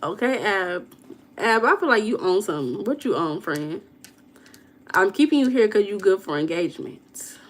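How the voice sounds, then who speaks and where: A woman chats on her livestream. She greets viewers by name and answers their comments. Her storytelling is loose and dramatic, and her voice sits at a middle pitch. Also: big pitch swings, normal speed. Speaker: livestream host. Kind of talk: casual livestream chat.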